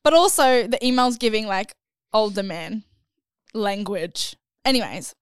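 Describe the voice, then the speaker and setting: A woman's voice: mid-range voice, unhurried, clear, resonant tone, dry recording, studio quality. A woman co-hosting a podcast in casual chat, giggling as she reads aloud. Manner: giggly, reads aloud between bursts of laughter. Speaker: podcast co-host.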